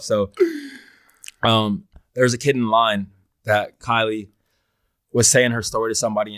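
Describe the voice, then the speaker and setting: A young man co-hosting a podcast speaks in a low voice, sounding earnest and emotional as he tells a story full of fillers and "bro". The recording is dry and close, with no room sound. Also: a bit bright, no echo. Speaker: podcast co-host. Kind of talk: casual podcast chat.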